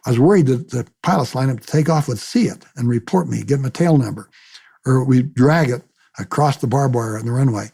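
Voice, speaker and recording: Older man, gravelly, dark-toned, husky, lively storytelling, acts out quoted voices, repeats words on restarts. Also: medium pitch, a little fast. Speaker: retired military pilot. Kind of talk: oral history storytelling.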